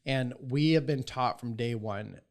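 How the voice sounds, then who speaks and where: A man's voice: mid-range voice, unhurried. Wry, teasing man in his fifties. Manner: dry teasing humor, self-assured. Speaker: podcast co-host, annuity sales agent. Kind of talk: casual podcast chat.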